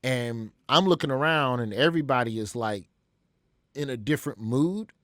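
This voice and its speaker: A man's voice: mid-range voice, normal speed, a bit bright, no echo, clean studio sound. A male comedian from Alabama telling a story vividly as a guest in an interview.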